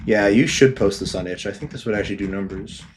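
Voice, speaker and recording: A man's voice: on the low side, fast, a little hiss or hum. A young man co-hosting a podcast in casual, joking chat, blunt and often swearing. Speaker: podcast co-host and game developer.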